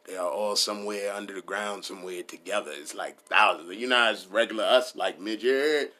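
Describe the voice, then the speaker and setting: A man tells a crude comic story in a loose, casual way, swearing often and laughing along with himself. His voice sits a little low yet sounds bright and punchy. He wanders from one tangent to the next without slowing down. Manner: rambling, profane, laughs at his own jokes. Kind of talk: casual comedic riffing.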